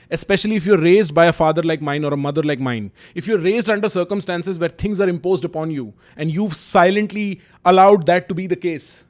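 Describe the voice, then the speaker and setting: A young man with an Indian English accent telling candid, emphatic personal stories to camera. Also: a little high. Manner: candid, emphatic, mixes Hindi kinship words and slang. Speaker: YouTube host.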